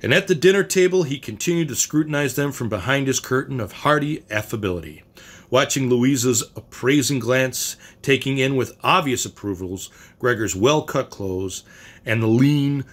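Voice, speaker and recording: A man's voice: mid-range voice, a bit bright. A man reading a short story aloud in a plain way, now and then stumbling and restarting a phrase. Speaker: story reader.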